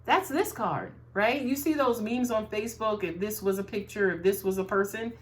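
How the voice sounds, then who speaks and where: A woman's voice: medium pitch, normal speed. A woman giving a casual tarot reading to viewers, talking in a chatty way and often tagging her sentences with "right?". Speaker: tarot reader.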